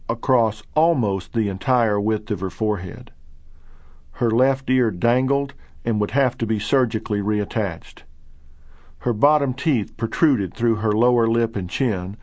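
Male narrator, middle-aged, earnest and measured, bone-dry booth sound. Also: mid-range voice, a little mellow, no echo. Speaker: narrator reading his own book. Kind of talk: audiobook narration.

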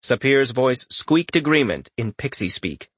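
Expressive male audiobook narrator. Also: mid-range voice, a little slow, husky, no room sound. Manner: expressive, storytelling.

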